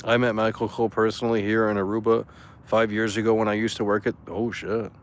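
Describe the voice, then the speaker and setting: Male streamer, lowish voice, casual excitable rant to chat, swears, stumbles on restarts. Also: fast talker, a little hiss or hum. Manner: excitable, profane, stammering restarts. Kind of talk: casual livestream commentary reading chat.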